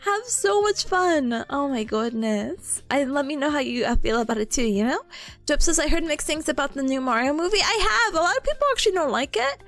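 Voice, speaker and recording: A woman's voice: high-pitched, expressive, fairly quick, fairly bright tone. A woman streamer chatting casually with her viewers, bubbly and giggly, often gushing. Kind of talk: casual chat with chat readers.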